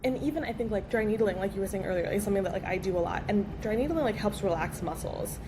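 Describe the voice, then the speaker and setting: A woman physical therapist chatting as a podcast guest, speaking in quick run-on sentences full of "like". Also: mid-range voice. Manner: fast, filler-heavy, frequent "like". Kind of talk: casual podcast chat. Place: podcast studio. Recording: background noise.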